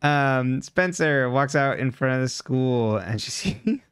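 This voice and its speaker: Smooth-voiced man chatting with quick laughs. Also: medium pitch, lively intonation, fairly bright tone, no echo, studio quality. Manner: chatty, laughs often, many "like" and "um" fillers. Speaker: podcast co-host recapping a TV episode. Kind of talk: casual recap chat.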